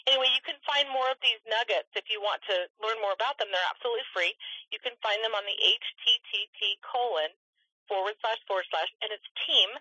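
Bright, breathy-voiced woman coaching on a call. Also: mid-range voice, brisk, dry recording, dull audio. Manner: chatty, coaching, asks the listeners questions. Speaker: sales trainer on a conference call. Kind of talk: teleconference training talk.

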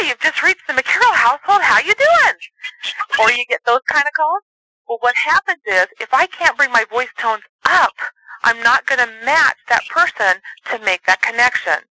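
Male sales trainer, high and very bright voice, earnest coaching tone, dry close sound. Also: lively intonation, moderate pace, dry recording, poor audio. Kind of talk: motivational training talk.

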